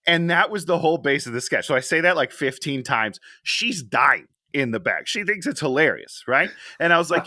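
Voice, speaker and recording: Male co-host, casual and self-deprecating, bright tone, dry close sound. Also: fairly high pitch, sing-song, moderate pace, no echo. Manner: rambling storyteller, self-deprecating. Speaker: podcast co-host. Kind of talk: casual chat.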